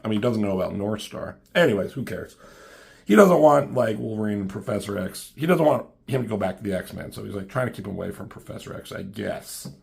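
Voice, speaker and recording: A man's voice: on the low side, expressive, brisk, creaky, a little mellow. A man casually recapping a comic book, rambling and profane, full of ums and side comments.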